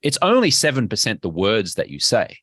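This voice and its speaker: A man's voice: lowish voice, wildly swooping pitch, a little fast, fairly bright tone, breathy edge, no room sound, clean studio sound. A man with an Australian accent, a podcast guest and health coach, talking emphatically and acting out little dialogues. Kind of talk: energetic interview talk.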